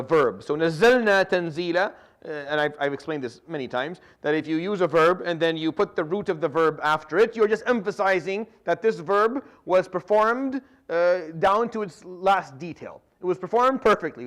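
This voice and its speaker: Fast-talking male Quran teacher, slightly high voice, earnest explanatory delivery. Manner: earnest, explanatory, recites Arabic verses slowly. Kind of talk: tafsir lesson.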